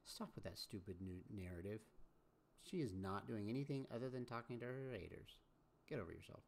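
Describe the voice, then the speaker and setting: A man's voice: fairly low pitch, a little fast, creaky, a little mellow, a little hiss or hum. A man hosting casual reaction commentary, scolding and chiming in with repeated agreement. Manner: scolding, repeats catchphrases like 'amen'. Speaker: commentary host.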